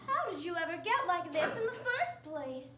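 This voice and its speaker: A woman's voice: very high-pitched, very animated, moderate pace, sharp tone, a little hiss or hum, exaggerated voice. A woman playing an earnest, wide-eyed young girl heroine in a live radio play. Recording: echoey theater stage.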